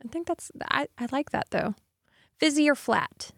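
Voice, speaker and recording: A woman co-hosting a podcast, briskly firing off quick quiz questions. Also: sits high, expressive, gravelly, no room sound, clean studio sound. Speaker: podcast co-host.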